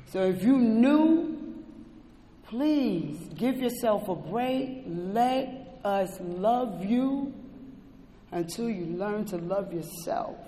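A person sharing a personal recovery testimony at an indoor meeting, talking with passion and swinging between quiet and shouting. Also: medium pitch. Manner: impassioned, swings from soft to shouting. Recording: roomy echo with long hall reverb.

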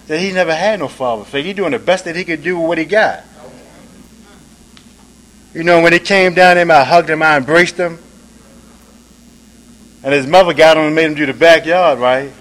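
A man giving a personal recovery testimony at a meeting, talking casually and tagging lines with "man" and "right?", now soft and low, now loud and emphatic. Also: slight background noise, low-quality recording. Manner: conversational, peppers talk with "man", "right?" and "you dig?"; swings between soft, low passages and louder, emphatic ones. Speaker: speaker sharing at a recovery meeting.

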